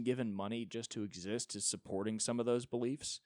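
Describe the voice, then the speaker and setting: A man's voice: mid-range voice, sing-song, moderate pace, few pauses, a little mellow, dry recording, studio quality. A young man hosting a solo podcast, ranting with sarcasm and profanity and mocking others in put-on voices. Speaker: podcast host.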